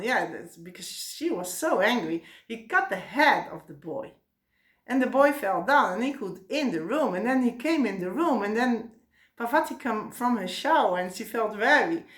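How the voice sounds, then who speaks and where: A woman's voice: mid-range voice, a bit bright. A woman casually telling a myth aloud in a hesitant way, full of fillers and restarts. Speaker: storyteller. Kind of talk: casual oral storytelling. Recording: roomy echo.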